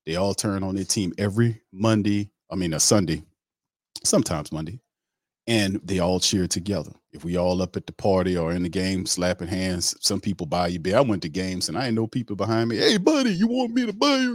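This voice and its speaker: New guy on a live stream, real low voice, dry close mic, shouting out the chat. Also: no echo. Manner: animated, repeats himself, reads chat shout-outs. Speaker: host.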